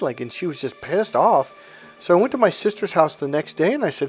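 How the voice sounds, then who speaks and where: A man's voice: on the high side, animated, fast talker, soft background music. A middle-aged man talking bluntly and with profanity to camera as a self-help coach, acting out what family members said. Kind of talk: casual monologue to camera.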